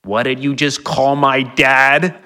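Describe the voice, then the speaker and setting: A man reading a story aloud, voicing a hulking, hot-tempered young pickleball player from New Zealand who shouts and bristles. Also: medium pitch, flat delivery, slow, in a large hall. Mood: belligerent.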